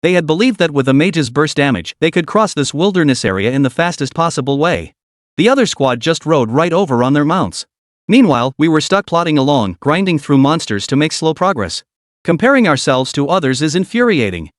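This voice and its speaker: A man narrating a game fantasy story in an even scripted storytelling manner, voicing the quotes only lightly. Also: a little high, a little fast, no echo, studio quality.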